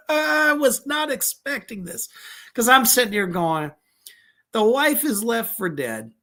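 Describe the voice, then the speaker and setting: A man's voice: very high voice, slow pace, pauses often. A man hosting a horror film review show, talking casually with profanity, lots of fillers and frequent laughs. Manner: profane, excitable, rambling with many fillers; laughs often.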